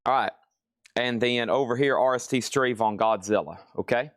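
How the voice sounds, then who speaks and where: Male live-sale host, brisk and chatty, mid-pitched, dry room. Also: fairly bright tone, dry recording. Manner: brisk item-and-price listing, chatty asides. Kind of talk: live-stream sales patter. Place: record shop.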